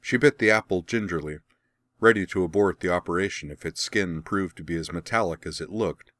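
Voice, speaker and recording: Brief: male audiobook narrator, very low voice, wry and even, close dry recording. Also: a little fast, no room sound. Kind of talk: scripted audiobook narration of fan fiction.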